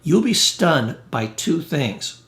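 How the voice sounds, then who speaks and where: A man's voice: a little high, sing-song, slow, gravelly, a bit bright. A man, a therapist, giving a blunt, emphatic motivational self-help talk with punchy, salty humor. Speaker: therapist and educator. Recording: roomy echo.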